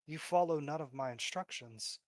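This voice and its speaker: A man's voice: on the high side, normal speed, dry recording, close to an everyday voice. A man voicing a cold scheming demon lord. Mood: scornful. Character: sly scheming male demon lord in disguise.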